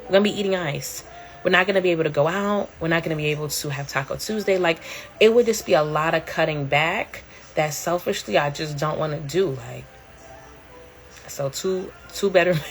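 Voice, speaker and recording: A middle-aged woman hosting a casual livestream from home, talking candidly in a slangy way and laughing often. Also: low voice. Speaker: livestream host.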